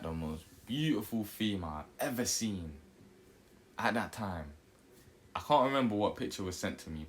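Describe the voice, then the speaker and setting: A young man tells a personal story in a casual, animated vlog, acting out the voices of the people in it. His voice sits fairly low but leaps up and down with each punchline, and there's a faint hum of ambience behind him. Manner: animated, jokey, acts out quotes.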